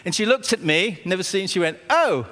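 A man, a pastor preaching a sermon with stories and emphatic repetition, slowing down when he quotes scripture. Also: sits high, fairly bright tone, slight background noise. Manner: anecdotal, emphatic, slows down on scripture. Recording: long reverb of a hall.

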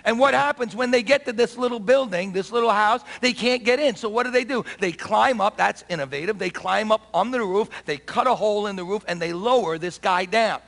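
A pastor delivers an animated sermon in a strikingly high, gravelly man's voice, calling out for the congregation to repeat after him. His words ring out with long reverb in a church sanctuary. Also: brisk, hardly any pauses. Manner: animated preaching with call-and-response to the congregation. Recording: long reverb of a large hall.

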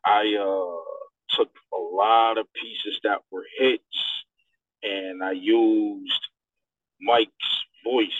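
DJ guest talking on a dry tinny line. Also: male voice, on the low side, no echo. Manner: animated storyteller, acts out quotes. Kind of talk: radio interview. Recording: dry tinny phone-like sound.

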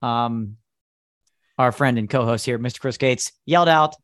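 A man's voice: medium pitch, moderate pace, fairly bright tone, dry recording, clean studio sound. A man hosting a podcast, casually telling a story with laughs between phrases. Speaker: podcast host. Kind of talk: casual chat.

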